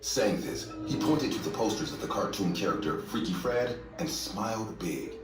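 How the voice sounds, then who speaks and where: Man, low voice, steady scripted horror story narration, echoey far-off sound, faint music. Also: normal speed.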